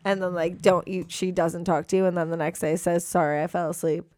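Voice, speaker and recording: A woman's voice: fairly low pitch, little pitch movement, fairly quick, darkish tone, dry recording, clean studio sound. A young woman co-hosting a podcast, laid-back and giggly, talking casually with lots of fillers. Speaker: podcast co-host. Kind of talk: casual chat.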